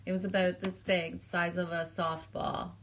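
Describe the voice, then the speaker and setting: A woman's voice: fairly low pitch, level tone, moderate pace, a bit bright, slight background noise. A woman live streamer chatting casually, laughing often as she greets viewers and pulls oracle cards.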